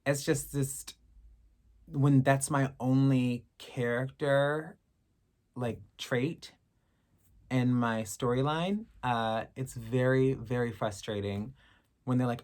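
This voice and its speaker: A woman in her thirties answers fan questions in a casual chat to camera, candid, sassy and swearing freely. Her voice is bass and darkish, with a steady tone, and she takes things slowly.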